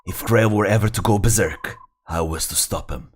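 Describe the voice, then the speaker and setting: A man voicing a secretive male assassin in a slow, hissing, snake-like voice. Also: low voice, voice pushed down, natural voice.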